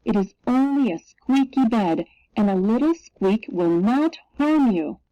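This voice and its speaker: A woman voicing a gentle, patient mother who soothes a child. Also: a little high, expressive, unhurried, no room sound. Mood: soothing. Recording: dull lo-fi recording.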